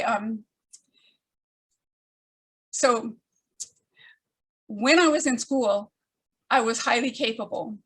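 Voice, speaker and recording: An older woman telling a personal story to an audience, with wry humor and frequent pauses. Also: a little high, fairly bright tone. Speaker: storyteller speaker.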